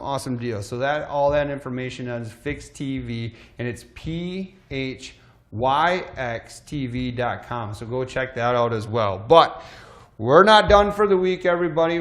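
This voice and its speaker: A man hosting a live shopping show, pitching deals in an energetic, emphatic sales voice, slightly out of breath. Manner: energetic, emphatic promo delivery.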